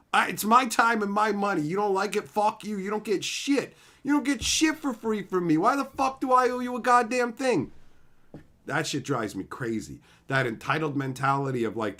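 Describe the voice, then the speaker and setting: A man's voice: fairly high pitch, a bit bright. A young man hosting a livestream, ranting in a brash, profane, swaggering way. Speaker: livestream host. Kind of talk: casual livestream rant.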